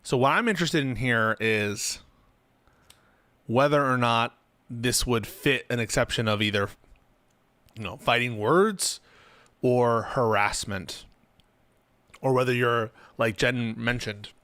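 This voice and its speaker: A man's voice: mid-range voice, slow pace, pauses often, bright, forceful tone, no echo. A man hosting a stream, reacting casually and thinking aloud about a legal question. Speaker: streamer host.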